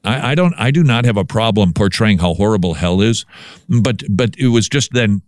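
A man hosting a commentary show who talks in a lively way and often restarts his words. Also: medium pitch, moderate pace, dry recording, studio quality. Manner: animated, repeats words when restarting. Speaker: podcast host. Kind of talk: casual commentary on news.

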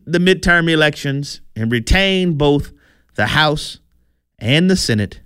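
A man's voice: on the high side, very animated, takes it slowly, fairly bright tone, clean tone, no room sound, clean studio sound. Wry male political commentary host. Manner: chatty, wry, stumbles on words.

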